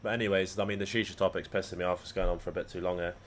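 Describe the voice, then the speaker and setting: A man's voice: deep voice, steady tone, racing, a little hiss or hum. Rambling, foul-mouthed man chatting. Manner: rambling, profane banter. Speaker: live trading streamer. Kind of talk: casual livestream chat.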